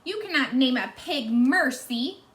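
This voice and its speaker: A woman voicing a stern, disapproving older woman in a storybook, with sharp, emphatic speech. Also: high voice, wildly swooping pitch, slow pace, exaggerated voice. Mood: scornful. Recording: echoey room.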